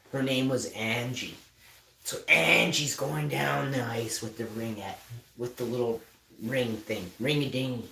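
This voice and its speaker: Animated man, roomy off-mic. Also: medium pitch, gravelly, distant mic. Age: 40s. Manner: animated, bursts into loud excited shouting. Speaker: livestream host. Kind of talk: casual storytelling on a livestream.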